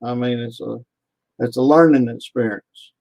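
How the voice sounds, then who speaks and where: A man talking casually as a radio guest, halting and full of fillers. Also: mid-range voice, fairly even intonation, gravelly, highs cut off. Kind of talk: casual interview chat.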